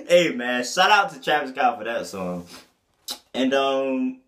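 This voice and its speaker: A man's voice: medium pitch, moderate pace, fairly bright tone. A man giving a casual, profane album review, full of slang and breaking into bits of the lyrics. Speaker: music reviewer.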